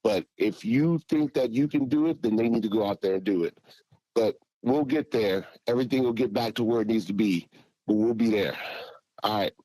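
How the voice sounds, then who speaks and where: A man's voice: on the low side, moderate pace, mellow, dry recording, rough recording. Frustrated man calling into a fan show. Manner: frustrated, emphatic. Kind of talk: casual sports talk.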